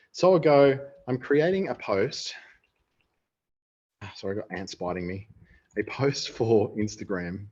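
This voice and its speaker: An Australian man runs an online webinar, chatting casually and thinking aloud while he demonstrates a writing tool live. His fairly low, darkish voice has lively intonation and a measured pace with long pauses. The webinar audio is dull and lo-fi.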